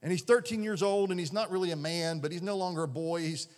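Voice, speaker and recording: A man's voice: sits high, fast. Earnest preaching man in a reverberant hall. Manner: earnest, conversational preaching with many restarts. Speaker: pastor. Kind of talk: sermon. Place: church sanctuary. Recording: long reverb of a large hall.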